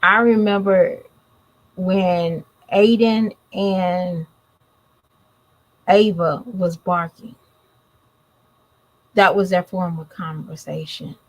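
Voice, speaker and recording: A woman's voice: on the low side, fairly even intonation, drawn-out words, pauses often, rough recording. A woman, giving blunt, scolding commentary straight to her viewers in a casual vlog. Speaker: commentary vlogger.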